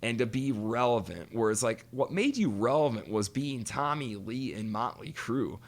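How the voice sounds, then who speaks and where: A man co-hosting a podcast speaks at medium pitch and normal speed with lively intonation. He chats casually and animatedly, cursing freely and acting out quoted voices in his stories.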